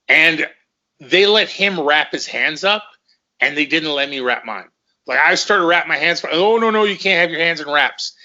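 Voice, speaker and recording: A middle-aged man, a former fighter, tells rambling, profane stories and keeps repeating himself. His voice is forceful and sits a bit high. The recording sounds slightly dull and lo-fi. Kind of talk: casual storytelling in conversation.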